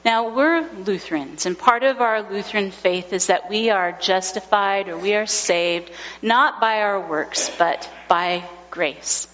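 A woman in her thirties, a pastor giving a sermon, telling a family story with gentle humor. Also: mid-range voice, unhurried. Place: church sanctuary. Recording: lo-fi recording in a large reverberant church.

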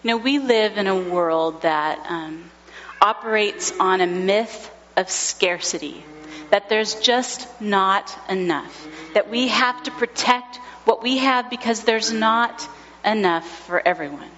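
Slow-speaking woman preaching in an echoing church. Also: medium pitch, slight background noise. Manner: warm storytelling with gentle humor. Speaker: pastor. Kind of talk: sermon. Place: church sanctuary. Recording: lo-fi recording in a large reverberant church.

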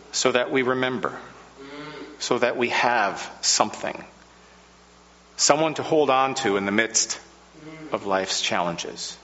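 Slow, bright-toned male preacher. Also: medium pitch, long reverb tail, dull audio. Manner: slow, measured preaching with dramatic pauses. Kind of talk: sermon.

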